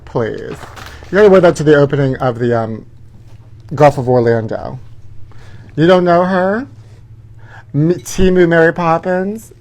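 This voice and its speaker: A man's voice: fairly high pitch, a little slow, pauses often, darkish tone. A man hosting a live gossip show from his parents' house, talking in a sassy, campy way and calling everyone honey.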